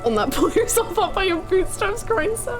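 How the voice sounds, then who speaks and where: A young woman streaming a video game from home, chatting, laughing and telling stories in an animated way. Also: very high voice, moderate pace. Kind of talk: casual chat while playing a game. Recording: music from the game behind. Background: game music.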